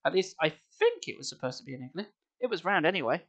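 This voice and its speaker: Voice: medium pitch, very animated, fast talker, a bit bright. Dry-witted streamer reading a children's book. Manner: dry, sarcastic. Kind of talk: live-stream book reading with sarcastic asides. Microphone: headset.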